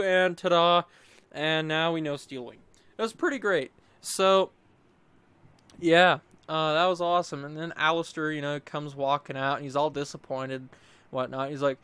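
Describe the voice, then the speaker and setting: A man's voice: medium pitch, fairly bright tone, smooth, dry recording. A young man casually recapping his gameplay in a rambling, upbeat way, full of fillers and quoted asides. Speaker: gaming YouTuber.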